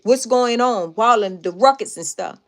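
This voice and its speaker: A woman live streaming, casually telling a story to her viewers in an emphatic, animated way with lots of repetition. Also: on the high side, moderate pace.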